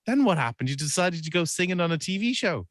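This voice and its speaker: An Irish man hosting a morning radio show, upbeat, with quick patter. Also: a little high, big pitch swings, fairly bright tone, no echo. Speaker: radio host.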